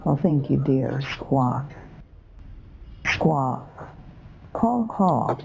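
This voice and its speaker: A woman's voice: rumbling low, expressive, drawn-out words, creaky, a little mellow, slight background noise, heavily acted, low-quality recording. A synthetic woman's voice playing an eccentric elderly caller who rambles and breaks into parrot squawks and chirps. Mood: squawking. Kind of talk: AI voice bot call.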